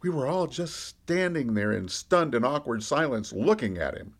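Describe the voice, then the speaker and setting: A man's voice: medium pitch, normal speed. A man playing a candid fisherman disciple. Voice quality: lively storyteller, rising and falling with the action. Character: a fisherman disciple, candid, middle-aged man recalling his past. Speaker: podcast storyteller. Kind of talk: first-person character monologue.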